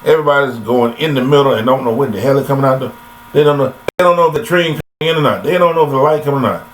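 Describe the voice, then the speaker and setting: Speaking rapid-fire at a medium pitch, an older man rambles through a folksy, preachy philosophical monologue aimed straight at his listeners. This vlogger recorded it on a laptop webcam, and the rough audio carries a little hiss or hum.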